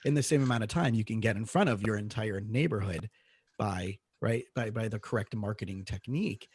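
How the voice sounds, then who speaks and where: A man's voice: on the low side, fairly quick, a little mellow, husky, dry recording. A man, a therapist and coach, hosting a podcast interview and talking in a conversational way. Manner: conversational, often asks "right?".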